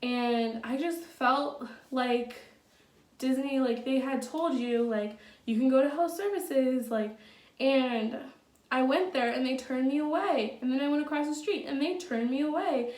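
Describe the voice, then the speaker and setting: A young woman with a slightly high voice tells a casual story to camera, blunt, chatty and full of fillers and profanity. She sits back from the microphone. The room around her rings with echo. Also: measured pace, darkish tone, recorded from a distance. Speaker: vlogger. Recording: echoey room, from off the mic.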